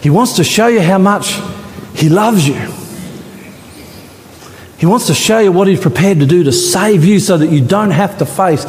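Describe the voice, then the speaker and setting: A male pastor preaching an impassioned sermon in a church, swinging his pitch and pace for drama. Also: moderate pace, pauses often, a little mellow. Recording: long reverb in a church hall, faint ambience.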